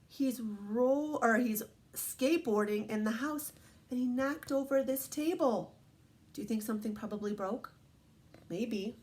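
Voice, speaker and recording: A woman teacher reading picture books aloud to young children, gentle and encouraging, often asking them questions. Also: fairly high pitch. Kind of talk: storybook read-aloud lesson.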